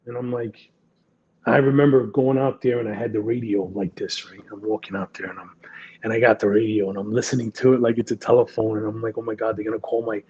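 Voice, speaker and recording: A man's voice: lowish voice, steady tone, brisk, darkish tone, muffled recording. A man, a retired police detective telling rambling, profane, self-deprecating stories in a casual interview. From the Bronx, New York.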